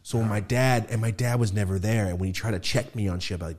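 A man's voice: on the low side, fairly quick. A man hosting a podcast, telling a story in casual chat, swearing freely and acting out voices as he goes. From California. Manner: animated, swearing, acts out voices with laughs. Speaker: podcast host.

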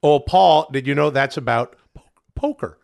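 A man co-hosting a podcast in casual chat, excitable and rambling, with many fillers and frequent swearing. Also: medium pitch, normal speed, vocal fry. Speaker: podcast co-host.

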